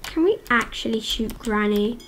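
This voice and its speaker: Excitable high-voiced woman gamer. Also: normal speed, slight background noise. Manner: chatty, excitable, addresses viewers as guys. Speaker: gaming channel host. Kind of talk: casual gameplay commentary.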